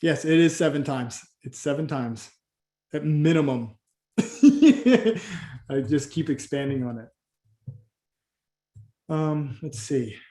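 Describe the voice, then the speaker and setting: A man's voice: on the high side, animated, slow pace, pauses often, warm tone, echoey room. A man coaching a group in a casual training session, talking loosely with many restarts and acting out both sides of a conversation with a client. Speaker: Christian business coach.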